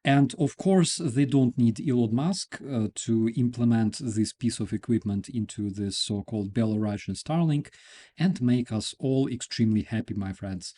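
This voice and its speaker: A man's voice: mid-range voice, normal speed, warm tone. A man with Ukrainian as his first language, hosting a casual news commentary, sarcastic and often laughing. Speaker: host.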